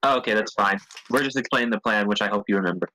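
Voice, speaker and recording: Measured man recapping a game plan. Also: on the low side, sharp tone, rough recording. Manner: measured, explains step by step.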